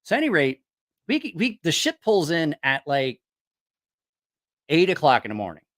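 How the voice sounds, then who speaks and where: A man's voice: on the high side, moderate pace. Profane, rambling male storyteller. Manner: rambling, profane, animated, with frequent restarts. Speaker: host of a knife-sales channel. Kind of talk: casual storytelling.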